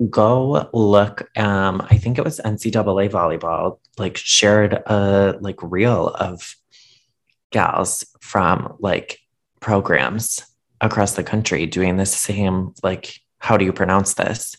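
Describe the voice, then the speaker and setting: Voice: low voice, slow pace. A podcast co-host chatting casually, rambling and poking fun at themself. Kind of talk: casual chat.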